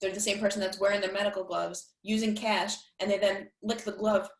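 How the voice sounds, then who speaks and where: A woman's voice: mid-range voice, little pitch movement, a little fast. A woman hosts a podcast in easygoing casual chat. She laughs readily, and her voice carries the echo of a roomy space. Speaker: podcast host. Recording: echoey room.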